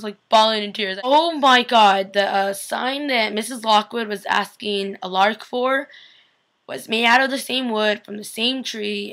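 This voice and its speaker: A woman's voice: a little high, creaky, pushed and bright. A young woman chatting casually in a vlog, recapping a TV episode and acting out lines as she goes. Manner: chatty and gushing, acts out quotes. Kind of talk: casual chat.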